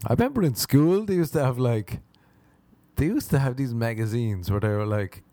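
Male comic, animated delivery with acted-out voices, dry mic. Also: medium pitch, moderate pace, dry recording. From Ireland. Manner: animated, acts out voices, laughs at own jokes. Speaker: stand-up comedian. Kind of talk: stand-up comedy routine.

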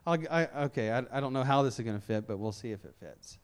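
A middle-aged lay preacher from Memphis, Tennessee, delivers a sermon without any regional accent. He talks in a conversational, self-deprecating way and keeps restarting his sentences. His mid-range voice is animated, quick, clear, and resonant.

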